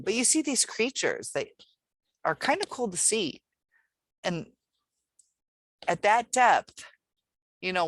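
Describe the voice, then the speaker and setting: A woman's voice: deep voice, a bit bright, dry recording. A woman host speaking casually to her audience, acting out quoted lines as she goes. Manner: conversational, acts out quoted lines with shifts in tone. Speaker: channel host. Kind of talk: casual talk to camera.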